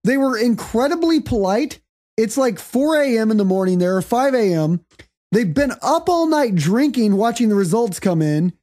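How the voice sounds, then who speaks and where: A woman hosting a casual comedy podcast, telling rambling stories in a loud, profane way. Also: on the high side, big pitch swings, normal speed. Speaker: podcast host.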